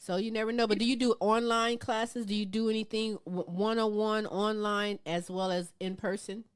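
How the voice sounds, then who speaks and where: A woman's voice: mid-range voice, level tone, normal speed, clean tone. A woman hosting a casual interview, chatty and encouraging, laughing often. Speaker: talk show host.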